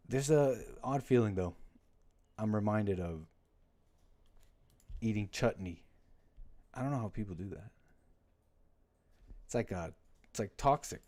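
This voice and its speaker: A man's voice: lowish voice, dark tone. Rambling man chatting on a livestream. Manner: rambling, self-interrupting, jokey. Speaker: livestream host. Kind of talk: casual livestream chat.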